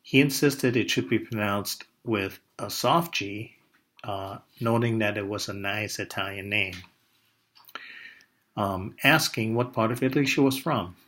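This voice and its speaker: An older man born in Indonesia, telling a personal story in a measured way, pausing often with "uh". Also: lowish voice, a bit bright. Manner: measured, with frequent "uh" pauses.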